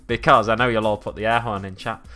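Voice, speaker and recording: A man's voice: on the low side, fairly even intonation, fast, pushed and bright, soft background music. A man chatting casually on a live stream at his hobby desk, reading the chat aloud and rambling along. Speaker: miniature-painting streamer.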